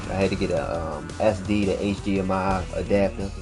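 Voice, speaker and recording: Chill guy streaming games, kinda low voice, cussing and rambling, loud game music behind. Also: fairly even intonation, brisk. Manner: laid-back, rambling, profane, slips into goofy freestyle rhymes. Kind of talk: casual gaming stream chat. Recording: game music playing loudly underneath.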